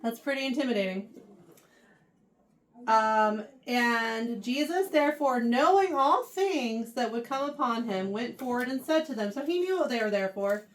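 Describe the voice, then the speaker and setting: Woman youth bible teacher, high voice, chatty, keeps asking the kids questions, a bit far from the mic. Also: expressive, moderate pace. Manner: reads scripture aloud then retells it in everyday words. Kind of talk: casual Bible lesson to teens. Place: church. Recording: voice picked up from a distance.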